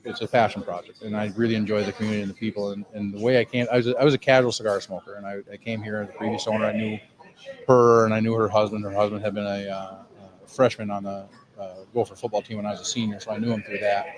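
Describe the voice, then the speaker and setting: A middle-aged man with a fairly low voice tells a casual, lively story about owning a cigar lounge and acts out the lines of the people in it. Clear crowd chatter runs behind him. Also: fast talker, poor audio. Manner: animated storyteller, acts out quoted dialogue.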